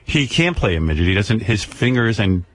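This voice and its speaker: A man's voice: lowish voice, very animated, moderate pace, slight background noise. A middle-aged man hosting a radio show, teasing and provoking his caller. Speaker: radio host. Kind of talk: casual radio talk.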